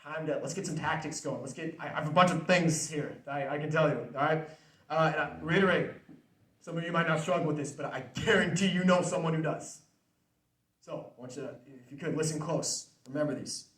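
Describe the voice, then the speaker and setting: A man's voice: on the high side, steady tone, fairly quick, a bit bright, far from the mic. Earnest young man speaking in a roomy hall. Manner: earnest, conversational, repeats key phrases. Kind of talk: faith-based motivational talk. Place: student center hall.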